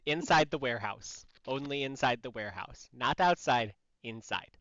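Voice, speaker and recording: A player in a tabletop game who talks quickly and corrects themselves. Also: mid-range voice, lively intonation, fairly bright tone, no room sound, lo-fi sound.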